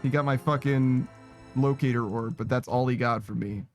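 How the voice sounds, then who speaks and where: A man giving casual, profane, excitable commentary while streaming a game. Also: medium pitch, normal speed, faint music behind. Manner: profane, excitable, laughing asides.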